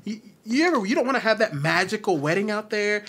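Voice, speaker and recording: A man's voice: high voice, lively intonation, fast, a bit bright, slightly rough. An American man hosting a casual video chat, teasing and provoking with jokes. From United States.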